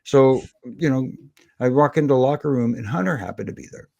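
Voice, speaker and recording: A middle-aged man, a former wrestling referee, telling lively anecdotes as a podcast guest and slipping into the voices of the people in them. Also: mid-range voice, a little fast, gravelly, dry recording. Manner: animated anecdotes with quoted voices. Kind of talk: storytelling in a podcast interview.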